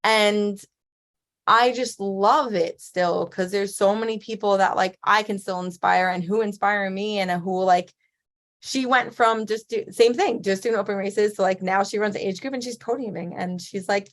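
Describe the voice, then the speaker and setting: A chatty woman in her thirties is talking as a guest in a relaxed interview. She tells her stories loosely, peppers them with "like", and laughs easily as she goes. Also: medium pitch, moderate pace. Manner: chatty, laughs often, lots of "like". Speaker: guest athlete. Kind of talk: casual interview chat.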